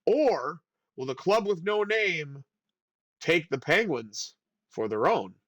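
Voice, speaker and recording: A man hosting a video game channel, giving excitable play-by-play commentary that jumps up on big plays. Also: fairly high pitch, takes it slowly, dry recording.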